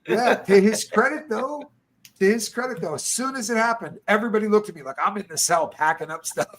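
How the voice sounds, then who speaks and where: A man's voice: high voice, brisk, a crowd in the background. A middle-aged man telling stories in loose, casual chat, swearing and calling people dude and bro.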